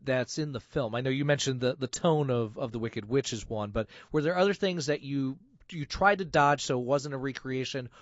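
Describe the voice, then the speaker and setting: A man hosting a casual interview, teasing his guest with quick wisecracks. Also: medium pitch, dry recording, dull audio. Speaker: host.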